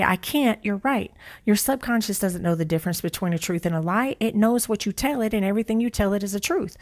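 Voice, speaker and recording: A woman giving a motivational talk, blunt and emphatic, repeating her key phrases, slowing down to stress her words and swearing casually. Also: fairly high pitch, darkish tone. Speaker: motivational speaker and author.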